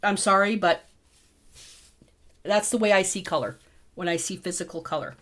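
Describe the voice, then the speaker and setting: A woman's voice: mid-range voice, moderate pace, fairly bright tone. A middle-aged woman teaching a casual painting tutorial, chatty and thinking aloud as she mixes colours.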